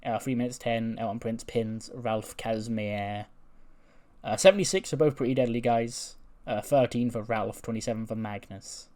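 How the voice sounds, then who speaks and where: A man's voice: mid-range voice, steady tone, moderate pace, a little mellow. A man casually recapping a wrestling show, chatty and full of fillers.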